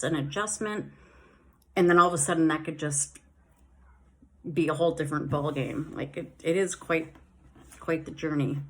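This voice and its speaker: A woman vlogging casually about her dental recovery, rambling with many fillers and a slight lisp on her S sounds while wearing new dentures. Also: fairly low pitch. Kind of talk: casual chat.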